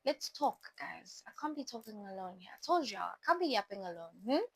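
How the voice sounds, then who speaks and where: A woman's voice: mid-range voice, sing-song, fairly quick, a bit bright, slightly rough, no echo, poor audio. A young woman talks casually to her viewers, chatty and playful, often talking straight to them. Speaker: vlogger. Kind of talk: casual talk to camera about boundaries.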